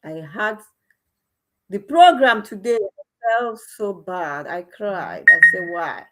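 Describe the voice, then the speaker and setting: A woman with a Nigerian Igbo accent hosting a livestream, moving between soft, sorrowful talk and loud, fiery outbursts. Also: mid-range voice, animated, slow pace. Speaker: livestream host. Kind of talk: emotional livestream commentary.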